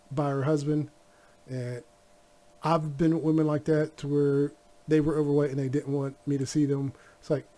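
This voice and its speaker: A man's voice: a little high, a little mellow. A man chatting casually as a co-host, reacting to a story with candid, rambling personal anecdotes and frequent chuckles. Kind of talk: casual chat.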